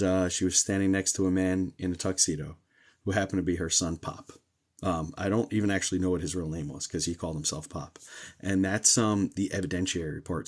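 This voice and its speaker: A man with a notably low-pitched voice talks to his live-stream viewers in an easygoing, rambling way. He leans on fillers like um and uh as he tells stories as a psychic medium. His delivery is conversational and unscripted. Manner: chatty, relaxed, many ums and uhs. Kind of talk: casual live-stream chat and storytelling.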